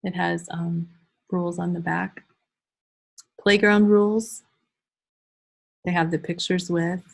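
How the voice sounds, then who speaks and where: A woman's voice: on the low side, monotone, moderate pace, creaky, breathy edge. A woman leading an online class for early childhood teachers, casually talking through examples and reading them aloud. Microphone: video call.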